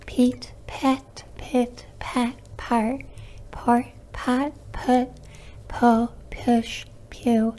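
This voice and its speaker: A woman works through a voice-practice drill, saying short paired words one at a time. She goes very slowly, and her tone is soft and mellow. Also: fairly high pitch, level tone. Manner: slow, deliberate minimal-pair repetition.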